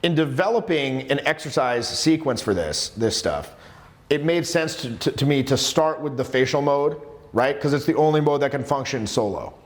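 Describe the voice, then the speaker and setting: A man coaching a live workshop on social skills, talking in an animated, emphatic way with many restarts. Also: medium pitch, normal speed. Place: seminar room with students. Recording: echoey room.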